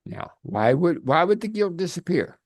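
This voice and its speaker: Animated male life coach on a video call. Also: fairly high pitch, normal speed, no echo. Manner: animated storytelling with frequent restarts.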